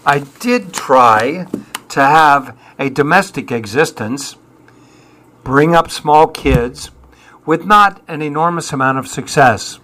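Older man, 70s, musician guest: slow and deliberate, dry, self-mocking, reflective. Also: fairly high pitch, expressive, sharp tone. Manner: wry, self-deprecating, dry humour. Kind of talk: reflective interview answers.

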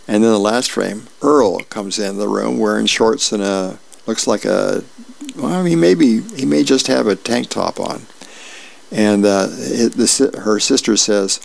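A middle-aged man volunteering as a reader, reading newspaper comics and celebrity birthdays aloud in a friendly, unhurried way with small asides. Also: fairly low pitch, creaky.

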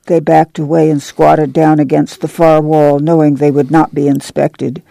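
A reader narrating a dramatic audiobook in a steady, measured way. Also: mid-range voice, gravelly, no room sound.

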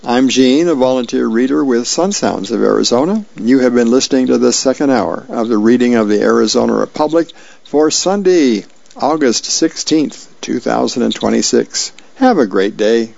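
A volunteer reader reading newspaper comics and birthdays aloud in a plain, friendly way with small slips. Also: male voice, medium pitch, moderate pace, creaky, darkish tone, no echo, lo-fi sound.

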